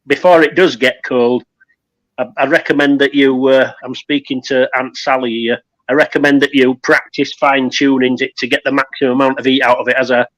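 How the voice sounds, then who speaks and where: A man's voice: medium pitch, flat delivery, a little fast, a bit bright, dry recording, poor audio. A man from England talking casually on his phone, explaining how to use his heater kit step by step. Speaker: guest survivalist. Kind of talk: casual chat.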